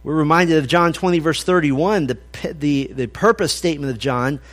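A man's voice: fairly high pitch, normal speed, fairly bright tone. Emphatic man preaching a sermon. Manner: emphatic, conversational preaching with quoted scripture. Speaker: pastor. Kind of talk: expository sermon.

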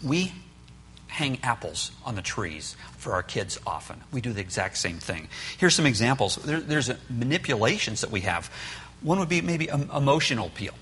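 A man's voice: mid-range voice, big pitch swings, normal speed, fairly bright tone, a little hiss or hum. A man teaching a church parenting class in an earnest storytelling manner, often acting out what parents and children say. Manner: earnest storytelling, acts out quotes. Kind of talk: sermon-style parenting class.

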